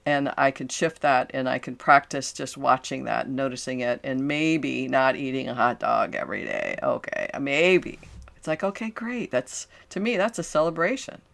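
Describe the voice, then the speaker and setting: An older woman, a coach who hosts a podcast, gives a solo talk in a gravelly bass voice at normal speed with few pauses. She comes across as earnest and animated, offering affirming asides and restarting often.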